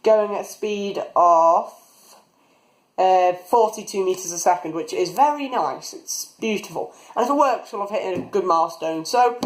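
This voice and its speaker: Chatty young rocketry hobbyist. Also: male voice, high voice, normal speed, rough recording. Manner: chatty, rambling, talks while working. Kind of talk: casual build tutorial. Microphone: phone camera.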